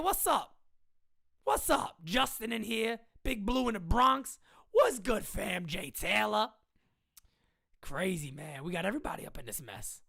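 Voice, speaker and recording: Hyped, lively live-stream host woman. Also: a little high, gravelly. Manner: hyped, slangy, shouting out viewers. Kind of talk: live-stream sports chat.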